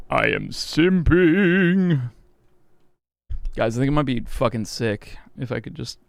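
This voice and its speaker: A man live-streaming a game, joking crudely with chat, rambling and suddenly shouting or squealing. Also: mid-range voice, creaky, dry recording.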